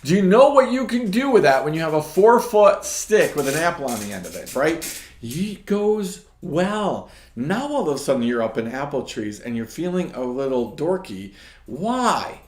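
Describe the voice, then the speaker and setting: A man hosts a casual devotional talk, telling a story with a lively, rising and falling voice. He keeps checking in with the listener with "right?". The sound is roomy and echoey. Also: on the high side, normal speed. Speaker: ministry host. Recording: echoey room.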